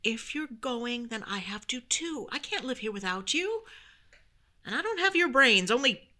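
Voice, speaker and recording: A sarcastic, restless young office worker in a stage play, cold-read by a woman. The voice is very bright and a little high, read plainly. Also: sing-song, normal speed. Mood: wry.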